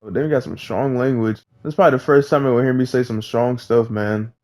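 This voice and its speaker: A young man casually commentating a story game, reading its lines aloud with playful, excitable asides and laughing at himself. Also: medium pitch, fairly quick, few pauses. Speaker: gaming YouTuber.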